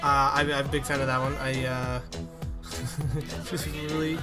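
A man co-hosting a music podcast in casual chat, halting and restarting often, laughing easily. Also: medium pitch, level tone. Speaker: podcast co-host. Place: city in western Canada.

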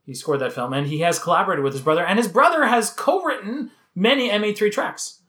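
A man's voice: high-pitched, a little fast, pushed and bright. A man from Canada co-hosting a casual music podcast, chatting and reading out researched facts about a band. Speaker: podcast co-host. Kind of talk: casual chat.

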